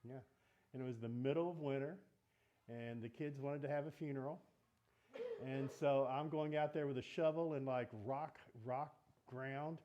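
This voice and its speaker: A man's voice: medium pitch, steady tone, normal speed, warm tone, highs cut off, a little hiss or hum. A man teaching a casual Bible study in a church meeting room, talking in a conversational way and asking the group questions.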